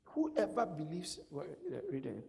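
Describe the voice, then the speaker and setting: Long reverb from a hall follows this unhurried preacher, whose voice is high and gravelly. He stays animated throughout the sermon, asking rhetorical questions, joking with the crowd and laughing at his own jokes.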